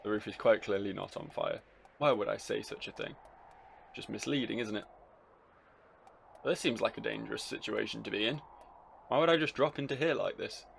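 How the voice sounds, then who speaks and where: Dry-witted man with a gravelly voice. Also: fairly low pitch, moderate pace, pauses often, fairly bright tone, a little hiss or hum. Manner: dry, wry self-mocking remarks. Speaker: gaming video host. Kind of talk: let's-play commentary.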